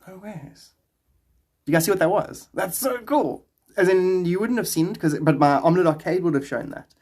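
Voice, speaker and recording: A man's voice: high-pitched, fairly even intonation, fairly quick, darkish tone. A man with a South African accent, rambling casually on a livestream and answering chat questions aloud.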